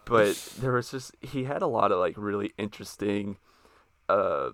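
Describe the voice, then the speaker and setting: A man's voice: fairly low pitch, normal speed, fairly bright tone, dry recording. An American man hosting a podcast, chatty and loose, laughing often as he talks. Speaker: podcast host. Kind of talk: casual podcast interview.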